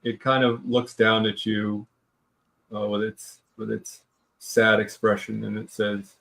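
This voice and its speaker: A man narrating a tabletop game as dungeon master, halting and full of pauses. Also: on the low side, little pitch movement, vocal fry, a bit bright.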